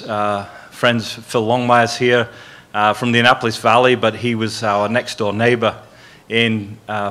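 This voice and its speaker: Older Yorkshire man, flat bright voice. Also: fairly low pitch. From Yorkshire, England. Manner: halting, repeats words. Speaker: guest speaker. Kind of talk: welcoming remarks at an event.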